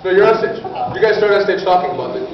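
A man's voice: sits high, expressive, quick pace, slight background noise. A man explaining an improv scene setup to performers in a casual, instructive way, often checking in. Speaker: improv show organizer. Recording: echoey distant lo-fi room.

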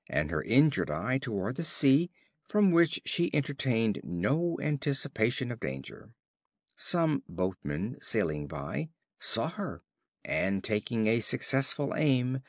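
Man reading fables aloud, slow and clear, lively pitch, dry close sound. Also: dry recording. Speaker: storyteller. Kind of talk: scripted fable narration for learners.

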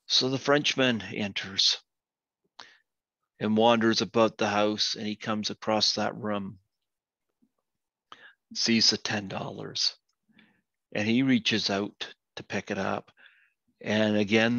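Slow, bright-voiced male podcast host. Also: on the low side, fairly even intonation, no echo, highs cut off. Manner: unhurried storyteller, laughs at his own jokes. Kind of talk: casual chat, telling jokes.

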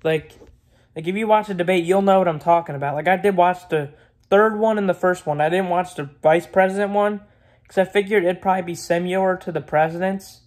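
A man's voice: high voice, a little fast. A man vlogging in a casual, rambling rant, blunt and opinionated, repeating himself and swearing freely.

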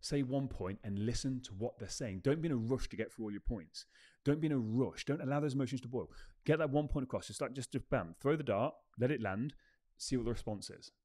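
A man's voice: mid-range voice, brisk, a little mellow. A man hosting a self-help podcast, speaking emphatically and repeating his key phrases for effect. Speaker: podcast host. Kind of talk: motivational self-help talk.

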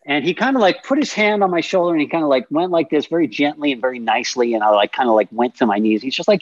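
A man in his fifties, a podcast guest, telling stories in a lively, profane way and acting out the scenes. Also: a little high, fast talker, hardly any pauses, no room sound, lo-fi sound. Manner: animated, profane, acts out scenes. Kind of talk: casual storytelling.

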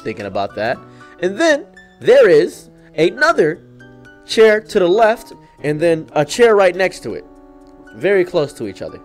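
Brief: young male host, comedic storytime, deadpan and wry, fairly high voice that swings a lot. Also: unhurried, soft background music. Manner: deadpan, mock-dramatic, wry.

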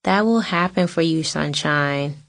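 A woman voicing a middle-aged aunt who teases and hands out life lessons in an animated way. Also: low-pitched, a little slow, gravelly, exaggerated voice. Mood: preachy. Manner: animated, teasing, preachy.

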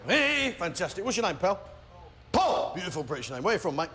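Bombastic male stand-up comic, lively pitch. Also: quick pace. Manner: bombastic, shouting, lively crowd work. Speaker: stand-up comedian. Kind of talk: stand-up comedy routine. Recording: noisy recording with loud audience.

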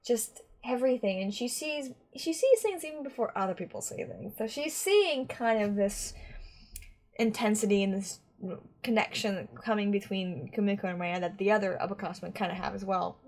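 A woman's voice: mid-range voice, lively intonation, fairly quick, few pauses. A woman giving casual reaction commentary on an anime, talking in a rambling, chatty way with lots of restarts.

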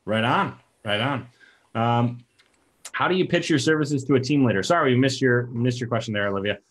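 A man's voice: mid-range voice, a little fast. A man hosting a casual live Q&A, easygoing as he reads out viewer questions and explains. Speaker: host. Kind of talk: casual livestream Q&A.

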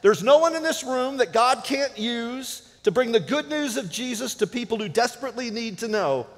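A man preaching a sermon as pastor, dynamic, often dropping to a hushed low voice for emphasis. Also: lively intonation, moderate pace. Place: church sanctuary. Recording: reverberant church sanctuary.

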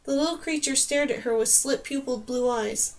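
Brief: woman narrator, high voice, calm storybook reading. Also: brisk. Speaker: audiobook narrator. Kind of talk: scripted narration.

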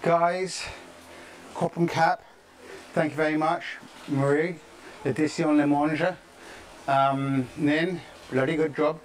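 Chatty fitness coach, slightly high. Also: male voice, fairly even intonation, slow pace, pauses often, slight background noise. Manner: chatty, encouraging, peppers talk with "yeah?". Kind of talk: live-streamed workout coaching. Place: outdoors, in the tropics.

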